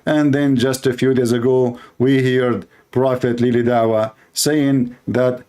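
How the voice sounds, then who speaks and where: A man's voice: medium pitch, little pitch movement, measured pace, dark tone, clear, resonant tone. Sarcastic man. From Middle East. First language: Arabic. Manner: sarcastic, mocking, blunt. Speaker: Christian apologist. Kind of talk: mocking debate commentary.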